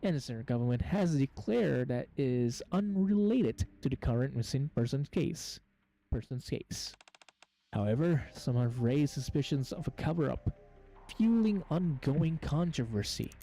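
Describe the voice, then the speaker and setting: A man's voice: mid-range voice, expressive, unhurried, gravelly, warm tone, poor audio. A man hosting gameplay commentary, reading on-screen game text aloud and stumbling over words as he goes. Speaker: gaming channel host.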